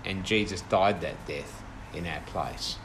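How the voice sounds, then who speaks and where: A man with a fairly low voice leads a small group through a Bible study. He talks in a thoughtful, halting way, full of fillers and restarts, and a soft hiss sits under the recording. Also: poor audio. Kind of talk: informal Bible study teaching.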